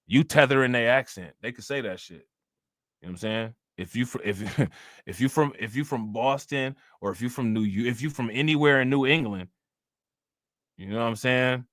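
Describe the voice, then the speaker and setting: A man's voice: mid-range voice, moderate pace, fairly bright tone, dry recording, clean studio sound. A man hosting a live stream, talking loosely and profanely, laughing often and repeating himself. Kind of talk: casual live-stream commentary.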